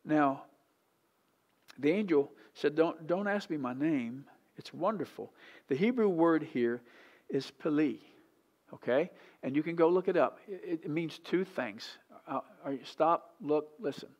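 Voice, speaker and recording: A male pastor preaching a sermon in church, animated and often questioning the congregation directly. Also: fairly high pitch, a little slow, dull audio. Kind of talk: sermon teaching.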